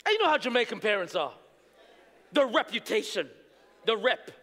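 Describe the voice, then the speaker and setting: High bright animated preacher man. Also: normal speed. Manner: animated storytelling, shifts between hushed and shouting. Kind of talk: sermon testimony. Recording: echoey hall reverb.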